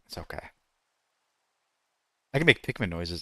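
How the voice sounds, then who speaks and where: Streaming a game, a man chats casually in a sing-song voice on the low side, brisk and a bit bright, captured dry. He keeps rambling, interrupting himself, and stopping to attempt voice impressions.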